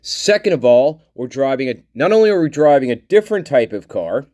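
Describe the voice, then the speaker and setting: A man's voice: medium pitch, very animated, normal speed, darkish tone, dry recording, clean studio sound. Rambling, repetitive man hosting a commentary channel. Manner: rambling, repeats himself, effusive toward viewers. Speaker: channel host. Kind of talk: casual commentary on documents.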